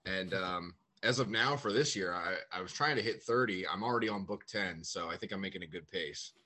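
A man's voice: low-pitched, fairly quick, sharp tone. A man guesting on a podcast as a comedian, laughing a lot and self-deprecating in casual chat. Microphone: computer mic on a call.

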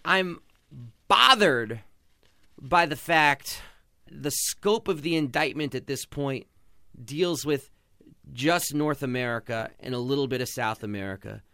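A man's voice: medium pitch, lively intonation, a little slow, pushed and bright, no echo, clean studio sound. A man hosting a podcast, giving passionate, sarcastic sports commentary. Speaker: podcast host.

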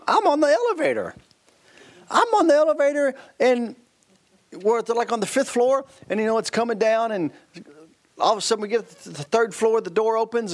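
A man in his fifties, a guest preacher telling a story in a sermon, laughing often and restarting his sentences. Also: very high-pitched. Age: 50s.

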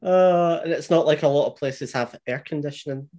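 A woman's voice: sits low, moderate pace, mellow. A woman hosting a podcast interview in an easygoing way, laughing along with her guest. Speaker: podcast host. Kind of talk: casual interview chat.

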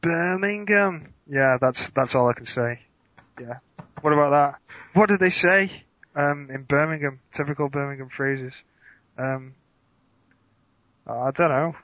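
A man, a podcast guest who answers quick-fire questions with dry, deadpan humor. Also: medium pitch, dry recording, lo-fi sound. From England.

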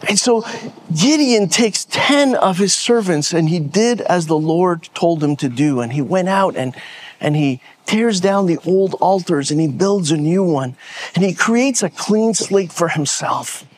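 A man's voice: high-pitched, expressive, unhurried. A pastor preaching a sermon from the stage, often repeating words as he builds to a point and rallying his listeners. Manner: repeats words when stressing a point, rallies the audience.

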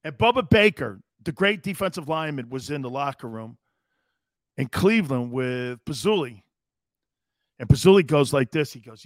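A middle-aged man from Connecticut hosting a sports radio show, loud and rambling, laughing and doing voices for his stories. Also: fairly high pitch, animated, moderate pace, no room sound, studio quality. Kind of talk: animated sports talk.

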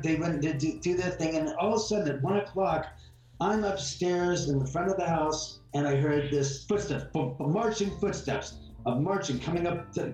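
A man's voice: a little high, a little mellow. A man being interviewed, bluntly telling a heated story and acting out the exchanges in it. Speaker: guest homeowner. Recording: roomy, distant mic, faint music behind.

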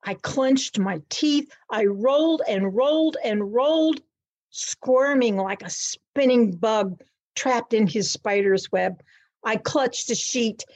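Female storyteller, slightly high pitch, unhurried, emphatic spoken-word delivery. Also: darkish tone. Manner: slow, dramatic, emphatic delivery with repetition.

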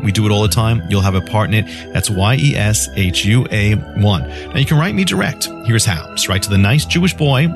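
A male radio preacher delivers a scripted devotional, telling a story before emphatically pitching free offers.

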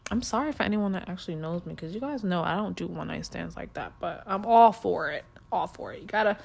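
A woman's voice: fairly low pitch, vocal fry. A young adult woman with a New York accent tells her story in a loose, unscripted monologue. She is blunt and foul-mouthed and talks straight to her audience as if they were friends. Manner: blunt, crude and profane, talking straight to listeners.

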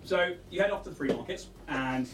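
A man's voice: fairly high pitch, a little fast, roomy sound, far from the mic, noisy background. A man narrating a tabletop game as game master, chatty and casual with many fillers.

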